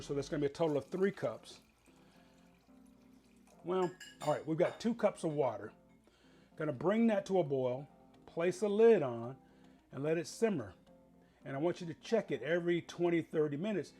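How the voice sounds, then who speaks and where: A man's voice: a little high, darkish tone. A man hosting a casual home cooking show, chatting folksily as he explains each step in his kitchen.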